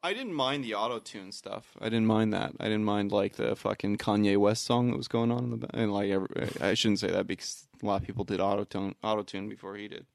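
Gravelly low-voiced man, casual chat. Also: steady tone, fast, few pauses, dry recording, clean studio sound. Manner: profane, blunt. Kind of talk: casual movie-review chat.

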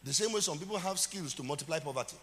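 Nigerian man preaching, animated pitch, long church-hall echo, emphatic. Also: racing. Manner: preaching with dramatic emphasis and call-outs to the congregation. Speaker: pastor. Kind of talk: sermon.

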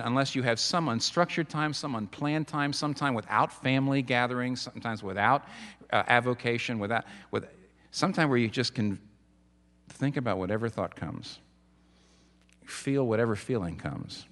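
A middle-aged man preaches to his congregation in a relaxed, conversational way, stopping and restarting his sentences as he thinks. His mid-range voice carries a long reverb from the church hall. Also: mid-range voice. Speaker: pastor. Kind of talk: sermon.

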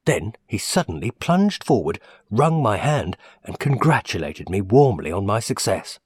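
Man reading a story with lively pitch. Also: a little slow, few pauses, husky, dry recording, clean studio sound. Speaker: audiobook narrator. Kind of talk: first-person storybook reading.

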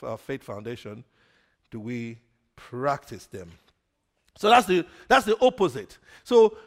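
A man preaching a sermon, putting questions to the congregation for them to answer and swinging between loud emphasis and quiet asides. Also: medium pitch, gravelly. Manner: call-and-response questions to the congregation.

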